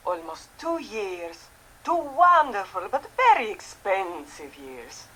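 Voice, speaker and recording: Lively landlady. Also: mid-range voice, slow pace, full character voice, low-quality recording. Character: tanned Italian landlady in Venice, vain, chatty. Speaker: game character.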